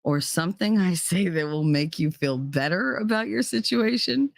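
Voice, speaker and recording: A woman's voice: lowish voice, animated, moderate pace, gravelly, no echo, clean studio sound. A woman with a New Jersey accent giving a blunt, profane, fiery rant to her viewers. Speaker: vlogger. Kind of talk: ranting monologue.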